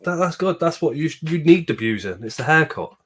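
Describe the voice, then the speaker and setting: A man's voice: fairly high pitch, animated, fairly quick, breathy edge. A man with a sniffly cold voice, chatting casually as a livestream host and greeting viewers by name.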